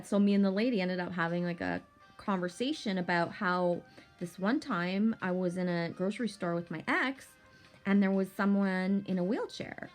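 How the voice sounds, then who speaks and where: Swearing, rambling woman vlogger. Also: fairly low pitch. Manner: profane, rambling, animated storytelling. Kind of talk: casual storytelling vlog.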